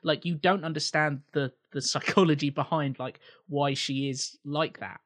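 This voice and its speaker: A man's voice: fairly high pitch, steady tone, normal speed, fairly bright tone. Rambling man on a film podcast. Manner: rambling, thinks aloud with restarts and swearing. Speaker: podcast co-host. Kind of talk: casual film commentary chat.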